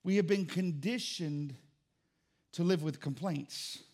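A man's voice: a little high, slow pace, darkish tone. A man pastor preaching a sermon, emphatic and jokey, with rising exclamations.

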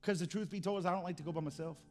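A man's voice: high voice, rapid-fire, soft background music. Man preaching a chatty, stumbling sermon. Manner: conversational preaching with repeated restarts. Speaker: pastor.

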